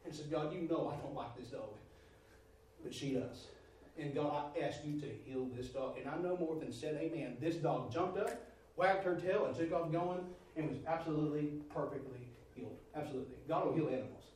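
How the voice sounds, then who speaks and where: A middle-aged man, preaching a folksy, animated story sermon. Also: a little high, brisk, echoey room, recorded from a distance, a little hiss or hum, poor audio. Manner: folksy, animated storytelling, rising to loud exclamations.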